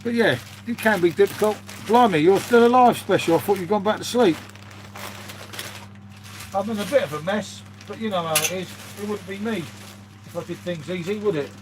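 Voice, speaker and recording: A man's voice: sits high, moderate pace, pauses often, a little hiss or hum. A British man chatting casually to his live-stream viewers, rambling and calling them "mate". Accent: British English. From United Kingdom. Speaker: live streamer reading chat.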